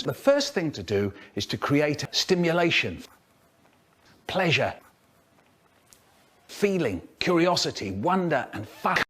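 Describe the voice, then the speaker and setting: A man, a children's poet telling stories and giving writing tips in an expressive storyteller's manner. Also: slow pace, long pauses, husky. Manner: animated, expressive storyteller with big swoops in pitch. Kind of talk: storytelling talk, chopped into a comedy remix.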